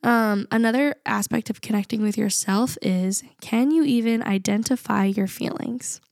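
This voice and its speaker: A woman's voice: fairly high pitch, normal speed, gravelly, a little mellow, dry recording, studio quality. A young adult woman co-hosting a podcast, talking in an earnest, reflective way and laughing often. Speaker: podcast co-host. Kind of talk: casual podcast chat.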